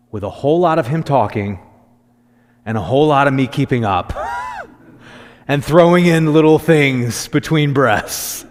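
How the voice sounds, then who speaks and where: Male pastor, mid-pitched voice, conversational storytelling sermon, long church reverb. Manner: conversational storytelling, animated when quoting. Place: church sanctuary.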